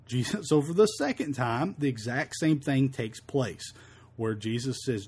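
A man's voice: medium pitch, big pitch swings, darkish tone, breathy edge. A man leading a verse-by-verse Bible study, quoting scripture in old-fashioned wording and often stumbling and repeating words. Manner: halting, repeats words, fills with um and uh. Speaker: Bible teacher.

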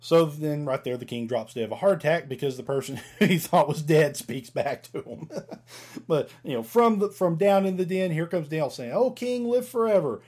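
A man's voice: on the high side, moderate pace, darkish tone, husky. A man teaching a Bible passage in a casual, conversational way, reading verses and stumbling over archaic words.

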